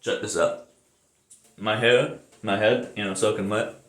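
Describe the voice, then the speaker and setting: A young American man chats loosely in a vlog, swearing freely and laughing at his own jokes. His voice sits low. The sound bounces around an echoey bathroom. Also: fairly even intonation, measured pace. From United States. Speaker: vlogger. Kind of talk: casual rambling vlog. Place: bathroom shower, then indoors.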